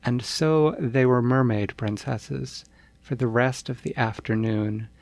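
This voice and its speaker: A man reading a bedtime story aloud in a gentle, unhurried storytelling manner. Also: mid-range voice, dry recording.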